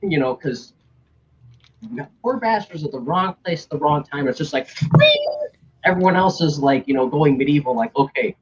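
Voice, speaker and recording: A young streamer spins a casual story, voicing the other characters and cursing without restraint. His slightly high voice has lively intonation and a moderate pace. The dull, lo-fi stream audio carries a little hiss or hum.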